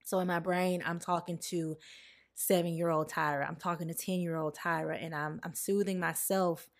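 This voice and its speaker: A woman's voice: on the low side, steady tone, normal speed. A woman in her late twenties hosting a reflective solo podcast, talking candidly and heartfelt, speaking straight to her listeners. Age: late 20s. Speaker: podcast host.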